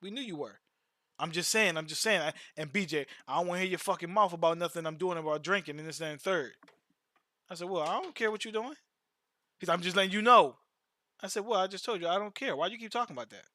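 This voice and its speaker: A man's voice: high voice, fast talker, sharp tone, no room sound. A man streaming and chatting casually, telling long slangy stories with repeated false starts. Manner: loose slangy storytelling, repeats words. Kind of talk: casual chat.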